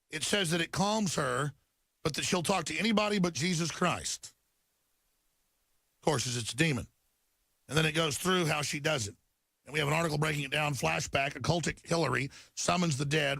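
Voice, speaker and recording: A man hosts a talk show, ranting in an agitated rush and tripping over repeated words. His voice sits a little high and has a gravelly edge. The recording is dry and close. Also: normal speed, long pauses, fairly bright tone, no room sound. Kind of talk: talk radio monologue reading headlines.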